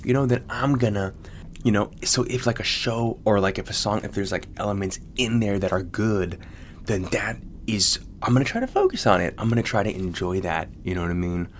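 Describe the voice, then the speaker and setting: A man's voice: fairly low pitch, lively intonation, brisk, slight background noise. An American man hosting a podcast, rambling casually with lots of fillers and swearing. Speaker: podcast host. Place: Sydney.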